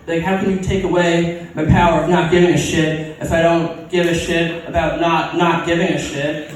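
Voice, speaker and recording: A man's voice: high voice, steady tone, moderate pace, slight background noise. Guy rambling thru a crude standup set, lots of uhs, distant echoey room, faint ambience. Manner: crude, sarcastic, rambling with fillers and restarts. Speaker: stand-up comic. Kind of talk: open mic stand-up set. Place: open mic comedy venue.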